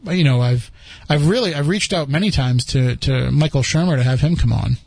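A man's voice: mid-range voice, fairly quick, vocal fry, a little mellow, dry recording. A man hosting a podcast, chatting casually and rambling with frequent restarts. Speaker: podcast host. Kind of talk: casual chat.

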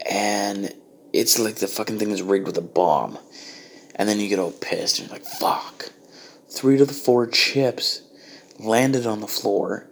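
A man's voice: fairly low pitch, creaky, a bit bright, a little hiss or hum. A man delivering a profane, exasperated comedic rant. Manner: ranting, exasperated, heavy swearing.

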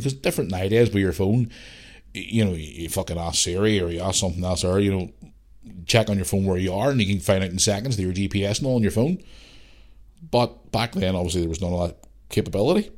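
A man's voice: low voice, quick pace, darkish tone. A Northern Irish man in his forties, hosting a podcast and telling a rambling story, swearing freely. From Northern Ireland. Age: 40s. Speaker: podcast host. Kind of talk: casual storytelling.

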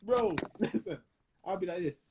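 A young man co-hosting a casual podcast, talking in animated slang and laughing often. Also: sits high, normal speed. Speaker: podcast co-host.

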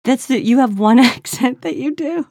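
A woman co-hosting a podcast who teases her co-host with quick, wry comebacks. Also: high voice, a little mellow, no room sound, clean studio sound. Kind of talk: casual chat.

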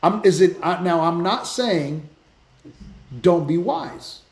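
A man hosting a Christian podcast, telling stories in a lively, casual way with many restarts. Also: high voice, slow, reverberant. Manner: animated storytelling with many restarts. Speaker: podcast host, Christian speaker. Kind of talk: casual faith talk.

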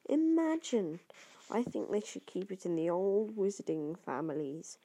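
A woman's voice: medium pitch, very animated, unhurried, warm tone, slightly rough, heavily acted. A woman voicing a snobbish pale boy who drawls in a superior way, in an amateur audiobook reading.

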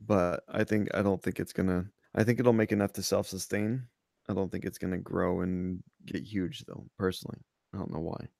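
A man's voice: deep voice, steady tone, fairly quick, vocal fry, a little mellow, no room sound. A man co-hosting a casual podcast, laid-back and making dry quips. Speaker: podcast co-host.

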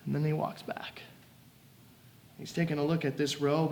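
A man's voice: fairly high pitch, moderate pace, long pauses. A man preaching a sermon, retelling stories animatedly and acting out scenes. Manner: animated storytelling, acts out scenes. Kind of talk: sermon with retold story.

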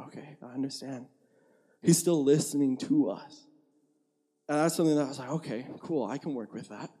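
A man's voice: medium pitch, warm tone, husky. A young man giving a sermon in a conversational, candid way, acting out his own inner dialogue. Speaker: preacher.

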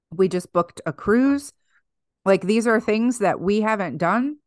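A woman's voice: medium pitch, no echo, clean studio sound. A woman co-hosting a faith podcast, talking in an emphatic, exhorting way with casual fillers. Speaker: podcast co-host.

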